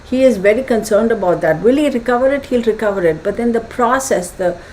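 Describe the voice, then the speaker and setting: A woman's voice: fairly high pitch, a little fast, darkish tone, a little hiss or hum, low-quality recording. A woman doing a casual tarot reading, chatty and thinking aloud with fillers and acted asides. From United States. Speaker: tarot reader.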